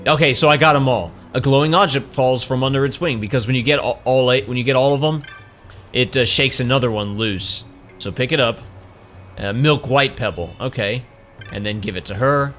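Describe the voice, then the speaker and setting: A man giving relaxed, casual gameplay commentary, thinking aloud as he plays. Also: medium pitch, a little fast, faint music behind. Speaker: let's play host.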